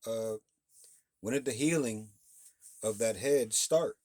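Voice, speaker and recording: Low-voiced man teaching a Bible class. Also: moderate pace, darkish tone, no echo, clean studio sound. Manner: keeps checking in with "all right?" and "okay?" between points; reads scripture aloud, then explains it loosely with restarts.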